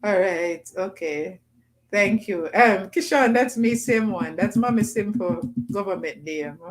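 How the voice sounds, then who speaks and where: A woman speaks unhurriedly at a medium pitch over a low-quality recording. As host of a casual livestream, she's chatty and quick to laugh, reading viewers' comments with Jamaican patois phrasing.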